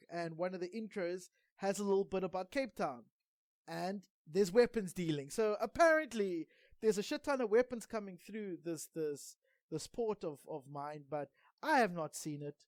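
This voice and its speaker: A man's voice: sits high, a little mellow, no echo. A South African man chats on a gaming podcast in a wry, meandering way. He stumbles through fillers and restarts as he goes. The sound is close and dry, with no room in it. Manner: rambling and wry, with many ums and self-corrections. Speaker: podcast co-host. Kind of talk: casual gaming podcast chat.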